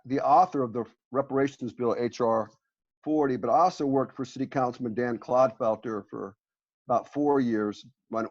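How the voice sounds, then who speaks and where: A man's voice: medium pitch, darkish tone. A man speaking at a community panel, presenting a resolution in an earnest way with many fillers and restarts. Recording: muffled lo-fi audio.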